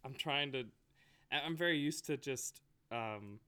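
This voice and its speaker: A man's voice: medium pitch, measured pace, bright, forceful tone, smooth. A man chatting casually on a podcast, telling stories animatedly and laughing often. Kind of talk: casual chat.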